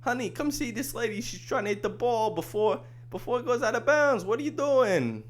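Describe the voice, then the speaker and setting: A man putting on a loud, excitable Brooklyn guy with a Brooklyn accent who rants in disbelief. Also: a little fast, slight background noise. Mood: incredulous. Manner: loud, shrill, incredulous ranting.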